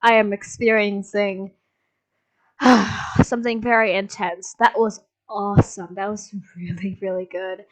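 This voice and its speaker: A woman hosting a reaction video, chatting casually and gushing with excitement, swearing now and then and rambling a bit. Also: mid-range voice, measured pace, poor audio. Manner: rambling with many fillers and restarts.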